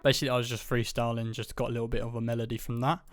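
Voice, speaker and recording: A man's voice: mid-range voice, rapid-fire, clear, resonant tone, dry recording, faint music behind. Male producer narrating his own beat, easygoing, level delivery, clean and dry. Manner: relaxed, offhand, loose run-on steps. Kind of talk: casual screen-recorded production tutorial.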